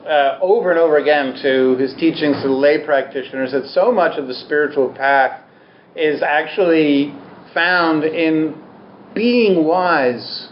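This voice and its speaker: A man's voice: on the high side, slight background noise. A man giving a Buddhist teaching talk to an audience, candid, humorous and self-deprecating. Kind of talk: dharma talk to a live audience. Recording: roomy, slightly dull talk recording.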